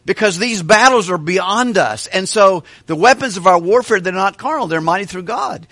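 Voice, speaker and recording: A male pastor with a fairly high voice gives a Bible study sermon. His delivery is animated, and he keeps asking questions of the listeners. The sound is close and dry. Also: moderate pace, no room sound. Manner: animated, asks questions of the congregation. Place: church hall with a kitchen.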